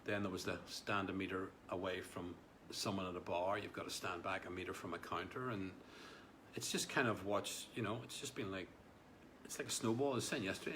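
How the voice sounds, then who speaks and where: A man talks on a live stream, his voice sitting low as he rambles through restarts and asides. He addresses viewers by name and reacts to their comments in a loose, conversational way, with a faint hum of ambience behind him. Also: fairly bright tone. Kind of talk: casual live-stream chat.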